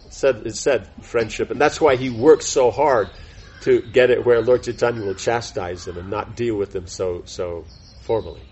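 A man's voice: on the low side, normal speed, a little mellow, dull audio, slight background noise. A man teaching a devotional class in an informal, rambling way, full of fillers and self-corrections. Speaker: spiritual teacher giving a class.

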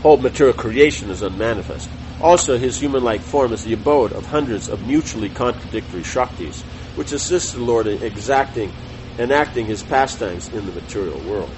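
A middle-aged man teaches a scripture class, reading a text aloud in a measured, deliberate way, with small self-corrections and chatty asides. His medium-pitched voice has lively intonation, and the background is noisy.

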